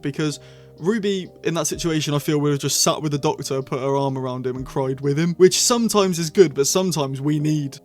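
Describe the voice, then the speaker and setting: A man chatting excitedly as he reviews episodes of a TV series, full of quick asides. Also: on the high side. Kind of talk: casual review monologue.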